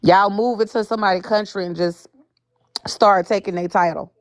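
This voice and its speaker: A woman's voice: medium pitch, fairly even intonation, normal speed, no echo. Woman, caller, angry profane rant, phone mic, dry close sound. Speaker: caller on a live stream. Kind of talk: heated live-stream rant.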